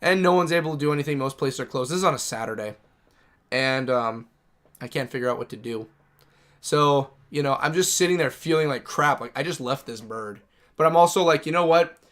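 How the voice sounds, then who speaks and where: Streaming a game, a man with a medium-pitched, fairly bright voice talks a little fast. He tells a long story casually while playing, rambling loosely, restarting sentences, and swearing freely.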